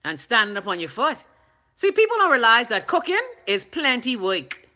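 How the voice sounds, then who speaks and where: A woman's voice: a little high, very animated, moderate pace, sharp tone. A middle-aged Bahamian woman co-hosting a show, chatting casually with a sassy, bossy teasing manner. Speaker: radio co-host. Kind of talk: casual chat.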